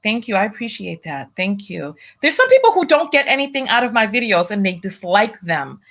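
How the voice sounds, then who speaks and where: A woman's voice: medium pitch, sing-song, a little fast, fairly bright tone. A woman hosting a livestream commentary show. She talks bluntly and emphatically, repeats phrases for weight, and reads viewer donations aloud between her own remarks. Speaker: host of a commentary channel.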